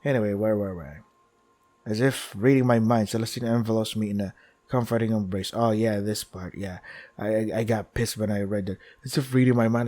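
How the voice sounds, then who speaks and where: A man's voice: lowish voice, steady tone, normal speed. Swearing, exasperated young man ranting. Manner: profane, exasperated ranting with sudden loud outbursts. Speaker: let's play streamer. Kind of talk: reading a visual novel aloud with ranting commentary.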